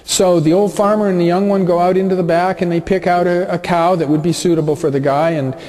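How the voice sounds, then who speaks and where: A man with a somewhat high voice leads a lesson by telling a story. His delivery is relaxed and conversational, with frequent fillers as he goes. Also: fairly quick. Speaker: business teacher.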